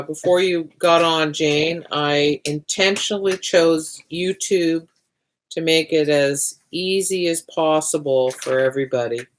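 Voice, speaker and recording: A woman's voice: deep voice, slight background noise. A woman hosting a livestreamed art party, chatting casually as she draws, often restarting her sentences and muttering to herself while she works.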